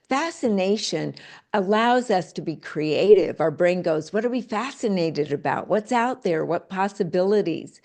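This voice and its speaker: A middle-aged woman author talking in an interview, animated, acting out quoted phrases in different voices. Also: on the low side, a little slow. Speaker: author and guest. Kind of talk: interview conversation.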